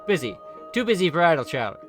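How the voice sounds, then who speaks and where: A man's voice: on the high side, sing-song, quick pace, music in the background. A man voicing a prickly woman police dispatcher who talks in a curt, huffy way.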